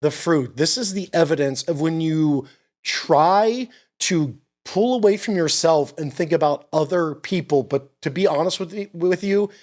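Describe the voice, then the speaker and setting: A man's voice: a little high, measured pace, a little mellow. A middle-aged man, tearful and choked up, giving an earnest faith testimony on his podcast and repeating himself as he speaks. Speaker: podcast host.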